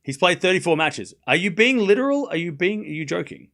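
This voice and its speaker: A man's voice: sits high, very animated, brisk, fairly bright tone. A man hosting a live stream, chatting casually, often laughing and joking sarcastically as he reads and answers his chat.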